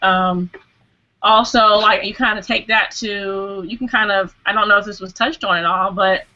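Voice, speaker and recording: A woman's voice: medium pitch, bright, forceful tone. A woman speaking earnestly in a casual group discussion as a hangout guest, full of "you know"s and restarts. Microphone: video call microphone. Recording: dull lo-fi video call audio.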